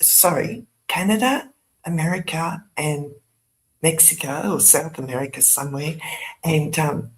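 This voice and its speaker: Slow-talking older woman vlogging. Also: deep voice. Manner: chatty, laughs often, sarcastic asides. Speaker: YouTube channel host. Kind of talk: casual rambling vlog chat.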